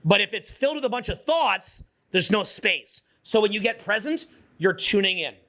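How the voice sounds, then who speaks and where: A man coaching a live audience in a motivational seminar, energetic, swearing freely and getting the crowd to repeat his words. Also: sits high, moderate pace. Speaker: social skills coach.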